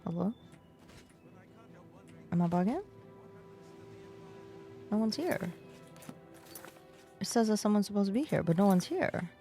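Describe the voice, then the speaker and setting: Slow, gravelly-voiced woman streamer. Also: mid-range voice, faint music behind. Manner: relaxed, affectionate, chatty. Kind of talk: casual live-stream chat.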